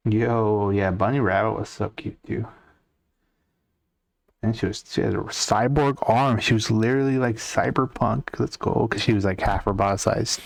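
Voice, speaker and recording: A man's voice: lowish voice, normal speed, vocal fry, no room sound, clean studio sound. A young man casually chatting with his chat while drawing on a live stream, rambling and answering comments as he works. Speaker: art streamer.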